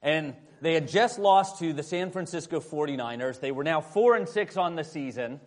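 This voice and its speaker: A man with a high-pitched voice delivering a sermon from the pulpit. His delivery is dramatic, rising to loud emphasis and dropping to near-hushed asides. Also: moderate pace. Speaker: pastor.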